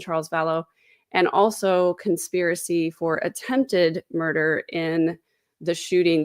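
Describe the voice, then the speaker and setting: A woman's voice: fairly low pitch, no echo, studio quality. A woman hosting a casual true crime livestream from home, chatty and sarcastic. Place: home, indoors. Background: dogs.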